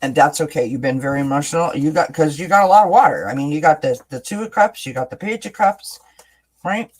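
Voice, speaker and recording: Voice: mid-range voice, animated, quick pace. Tarot reader on a live stream, rambly chat, lots of "right?" and restarts. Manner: chatty, keeps asking "right?"; repeats words and restarts often. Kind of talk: livestream tarot reading chat.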